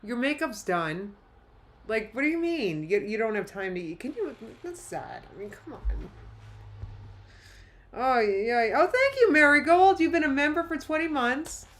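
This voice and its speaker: A woman's voice: high voice, big pitch swings, a bit bright. Chatty woman live-stream reactor. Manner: chatty, rambling, quick asides with laughs. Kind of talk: casual live-stream commentary.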